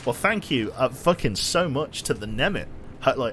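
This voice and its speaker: A man's voice: mid-range voice, animated, normal speed, hardly any pauses, a bit bright, slight background noise. A man chatting casually while streaming a game, rambling with lots of fillers and restarts. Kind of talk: casual gaming livestream commentary.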